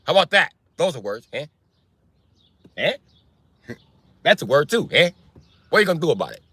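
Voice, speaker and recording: A man doing a put-on Italian accent, playing a loud, boastful Italian tough guy who taunts and tags "eh?" onto his lines. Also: a little high, big pitch swings, normal speed, husky, no room sound, voice pushed up, heavily acted. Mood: taunting. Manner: pushy, taunting, keeps tagging "eh?".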